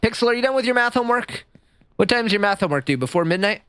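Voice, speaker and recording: Male streamer, casual stream chat: high voice, swooping animated delivery, self-deprecating humor. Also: fast, clean tone, no room sound, soft background music. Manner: animated, goofy, self-deprecating, chats with viewers. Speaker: livestreamer. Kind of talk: casual live-stream chat while gaming.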